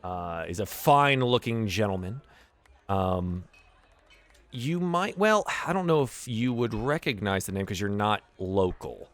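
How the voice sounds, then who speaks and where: Lively game master man, casual narration. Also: fairly low pitch, unhurried. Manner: casual, with many fillers.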